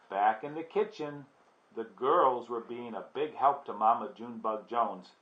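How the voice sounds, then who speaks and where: A man reading a children's book aloud in a relaxed way, with chatty asides to listeners. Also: medium pitch, unhurried. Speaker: storybook reader. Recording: dull lo-fi recording.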